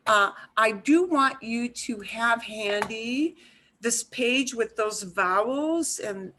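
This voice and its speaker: A woman's voice: a little high, lively intonation, takes it slowly, bright, forceful tone, slight background noise. A woman teaching a beginners' Spanish class over a video call, explaining patiently with repeats and fillers. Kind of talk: online class instruction.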